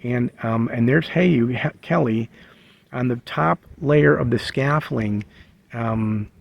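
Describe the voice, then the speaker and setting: A man recounts a memory in a relaxed, halting way, full of ums and restarts. His voice is gravelly and a little husky, recorded close and dry. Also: mid-range voice, no echo, lo-fi sound. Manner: halting, many fillers and restarts. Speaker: vlogger sharing a memory. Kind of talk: casual storytelling. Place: living in a bus.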